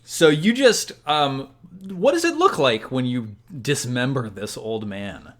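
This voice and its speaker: A man's voice: mid-range voice, big pitch swings, unhurried, a bit bright. A young man acting as game master, narrating a tabletop game casually and explaining the rules step by step.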